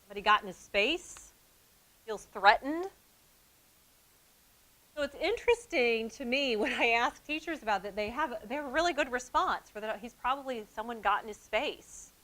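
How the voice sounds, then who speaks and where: A woman presenting a training session on childhood trauma to school staff, talking in a lively way that drops to soft, calm tones. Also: fairly high pitch, normal speed, long pauses, low-quality recording. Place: event hall with an audience.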